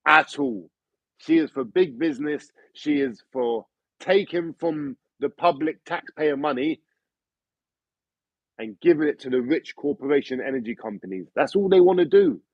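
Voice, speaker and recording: Husky high-voiced man ranting. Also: no room sound. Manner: ranting, profane, full of rhetorical questions. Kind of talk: opinionated monologue. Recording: dull lo-fi recording.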